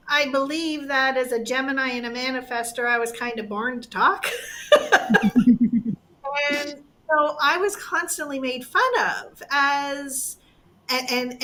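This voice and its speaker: A woman's voice: high-pitched, pushed and bright. A woman hosting a talk show, asking her guests thoughtful questions. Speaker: host. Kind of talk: casual talk show conversation.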